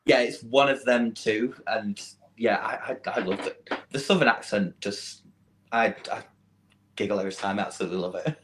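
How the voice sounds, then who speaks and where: A man's voice: fairly low pitch, moderate pace, a bit bright, slight background noise, low-quality recording. A man from England with a Mancunian accent, talking casually as an interview guest. He is chatty and self-deprecating, and he laughs often.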